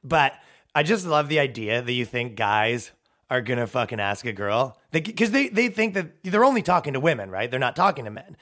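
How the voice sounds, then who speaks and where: Podcast host, male, mid-pitched, rambling profane comic ranter. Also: very animated, moderate pace, pushed and bright. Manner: rambling, profane, sarcastic riffing. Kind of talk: comedic podcast rant.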